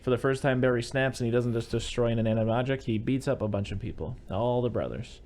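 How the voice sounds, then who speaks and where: Fast-talking man recapping a movie. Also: mid-range voice, a little mellow. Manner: rambling recap with fillers, quotes scenes in put-on voices. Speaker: podcast host. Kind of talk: casual movie-review chat.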